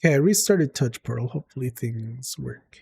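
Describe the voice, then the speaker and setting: A man's voice: mid-range voice, lively intonation, brisk, gravelly, a little mellow, slightly rough. A man streaming a game who is sick with a stuffy nose, chatting in a rambling, self-deprecating way. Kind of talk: casual gaming livestream chatter.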